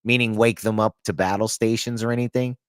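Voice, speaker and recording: A man's voice: fairly low pitch, fairly even intonation, fairly quick, clean tone, dry recording, clean studio sound. A man hosting a podcast, a Navy veteran who tells wry anecdotes and acts out both sides of old arguments. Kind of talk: casual chat.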